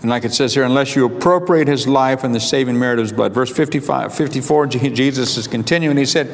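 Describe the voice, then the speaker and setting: A man preaching a sermon, reading scripture aloud with a slow, drawn-out, emphatic delivery. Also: medium pitch. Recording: long hall reverb, faint background noise.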